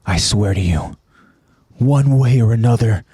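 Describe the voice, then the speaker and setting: A man's voice: mid-range voice, a little slow, breathy edge, no echo. A man voicing a furious, bitter young male soldier who accuses and screams at former comrades. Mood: grim. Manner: shouting, accusing, rising to a scream.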